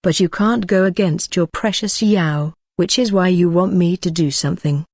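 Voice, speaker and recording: A blunt young apothecary woman in a storybook, unimpressed and matter-of-fact, as a woman narrator voices her. The delivery is flat and plain, on the low side. The sound is dry and close. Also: moderate pace, no room sound. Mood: deadpan.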